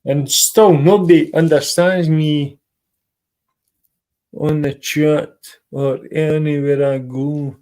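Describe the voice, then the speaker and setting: A man with a Scottish accent chatting casually on a live stream call, animated and repeating himself. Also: a little high, slow pace. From Scotland.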